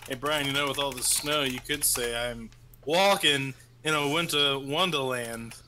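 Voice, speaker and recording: A man playing a board game online, cracking puns and pausing with fillers as he decides his moves. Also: medium pitch, a crowd in the background. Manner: punning, hesitant while deciding moves. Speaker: player. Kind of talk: casual chat while playing a board game.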